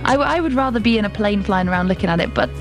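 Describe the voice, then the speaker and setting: A woman reading a radio travel bulletin in a brisk, matter-of-fact way, then bantering with the host. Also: mid-range voice, animated. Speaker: travel news reporter. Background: music bed.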